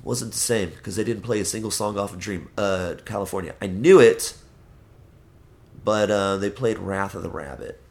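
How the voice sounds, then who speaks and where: A man's voice: on the low side, moderate pace, gravelly, a little mellow. A young man in casual chat, telling stories with lots of swearing and acting out the voices of people in them.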